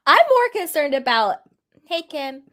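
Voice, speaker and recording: A woman hosting a casual chat, talking in an animated way and laughing often. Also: high voice, a little slow. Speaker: host.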